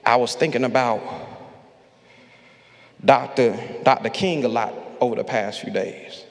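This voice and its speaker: In a large church sanctuary with long hall reverb, a man preaches a call-and-response sermon, urging the congregation to answer him. His mid-range voice swings widely in pitch at a measured pace, in a rhythmic, repetitive style.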